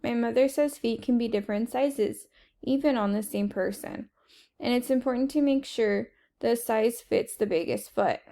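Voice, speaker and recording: Woman, children's chapter book reading, steady narration, mellow, higher pitch. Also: normal speed. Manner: steady, plain first-person narration. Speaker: reader.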